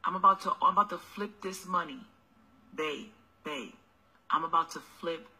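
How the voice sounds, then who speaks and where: A woman voicing a smooth-talking deadbeat boyfriend who begs for tax refund money in a low, coaxing voice. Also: moderate pace, pushed and bright, poor audio. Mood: wheedling.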